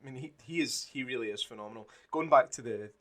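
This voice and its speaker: Rich: A man with a mid-range voice co-hosting a casual film podcast. He is blunt and animated, swears freely, and acts out scenes as he talks. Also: mid-range voice, quick pace. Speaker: podcast co-host.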